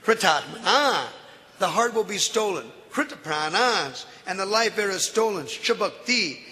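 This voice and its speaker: Man giving a scripture talk, animated storytelling, high bright voice, long hall reverb. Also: measured pace. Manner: animated, laughing often. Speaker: spiritual teacher. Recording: echoey hall.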